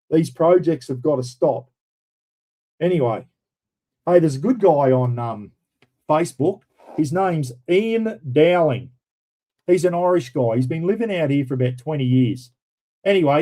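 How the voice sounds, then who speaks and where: An Australian man runs a casual livestream chat, sounding blunt and indignant as he swears and keeps calling out to "everyone". His voice sits a little high for a man but has a dark, mellow tone. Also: poor audio. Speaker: livestream host.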